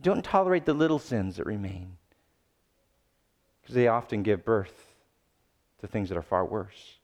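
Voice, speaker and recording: A male pastor preaching a sermon, swinging between loud urgent pleading and low, quiet emphasis. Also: big pitch swings, measured pace.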